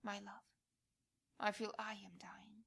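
Slow, hushed woman reading prayers. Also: medium pitch, level tone, creaky, slightly rough. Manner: hushed, often sinking to a whisper. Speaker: prayer reader.

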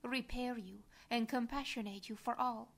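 A woman reading a devotional prayer aloud in a soft, reverent manner, sometimes dropping to a breathy whisper. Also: on the high side, steady tone, moderate pace. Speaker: devotional reader.

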